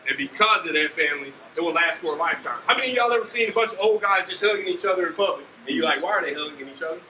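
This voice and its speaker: A man in his forties from Ohio, an army leader telling students animated stories and often asking "right?". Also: a little high, very fast. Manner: animated, acts out scenes, keeps asking "right?". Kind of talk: motivational storytelling speech. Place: school auditorium. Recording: echoey hall from far off, faint noise.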